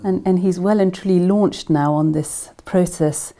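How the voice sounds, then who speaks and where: A woman interviewer gently prompting her guest, sometimes repeating words as she frames a question. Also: lowish voice, fairly even intonation, a little slow.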